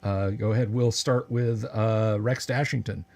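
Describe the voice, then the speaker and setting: A man narrating as game master of a tabletop game on an online stream, casual and halting with many filler words. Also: fairly low pitch, fairly even intonation, a little mellow. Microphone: video call.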